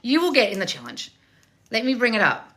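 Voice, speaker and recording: A woman manifestation coach on a live stream, loud and passionate, blunt and confrontational, swearing freely and calling listeners darling. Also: a little high, wildly swooping pitch, fairly quick. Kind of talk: live-streamed coaching with read-out viewer questions.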